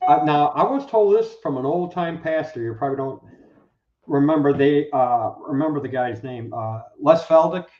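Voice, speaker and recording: A man talking as a guest, preaching in a casual, animated way and acting out the people he quotes. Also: a little high, moderate pace. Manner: animated, acts out quoted speakers. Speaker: guest, Bible teacher. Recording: roomy, dull lo-fi sound.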